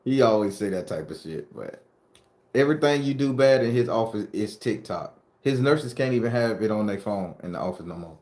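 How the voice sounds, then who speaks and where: A man's voice: lowish voice, lively intonation, fairly quick, darkish tone, roomy sound. A middle-aged man from southern Florida chats casually with his live-stream viewers. He tells stories in a loose, joking way and swears freely as he answers their questions. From southern Florida, USA. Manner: loose, profane, joking storyteller talking to chat. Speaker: host of a spooky-story channel.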